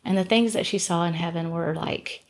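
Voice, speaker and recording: A woman's voice: on the low side, brisk. A middle-aged woman, a gospel singer guesting on a podcast, telling a personal story in an earnest, rambling way with many restarts. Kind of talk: casual storytelling in conversation.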